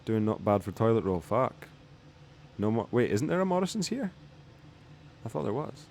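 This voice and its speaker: A man's voice: on the low side, very animated, normal speed, vocal fry, darkish tone, slight background noise. A young man streaming casually, laid-back and rambling, with some swearing. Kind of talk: casual livestream chat.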